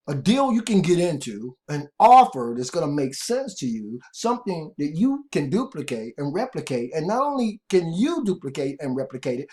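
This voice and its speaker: A man hosting an online marketing video in a loose, conversational manner. His voice sits somewhat high for a man, and he wanders through his points with restarts, filler words and repeated asides to "guys". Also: darkish tone. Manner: rambling, repeats words, often addresses viewers as guys. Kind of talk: casual tutorial talk to camera.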